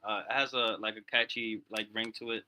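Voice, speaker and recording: A man's voice: lowish voice, little pitch movement, brisk, background noise. A man hosting a music review show, chatting casually and calling everyone "bro". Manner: laid-back, peppers talk with "bro". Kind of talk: casual slangy chat.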